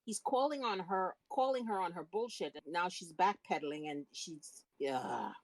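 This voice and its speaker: Woman co-host in casual chat, lowish and lively voice, dry close sound, who adds quick comments. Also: no room sound, low-quality recording. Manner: chimes in with short reactions and comments. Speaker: podcast co-host. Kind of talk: casual episode recap.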